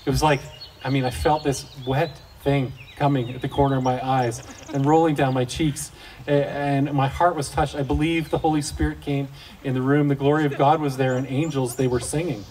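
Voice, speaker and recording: A man's voice: mid-range voice, flat delivery, moderate pace, darkish tone. Joking middle-aged man, distant mic. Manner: folksy, joking storyteller. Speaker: Christian speaker for fathers. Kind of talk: casual devotional talk. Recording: distant mic, faint outdoor noise.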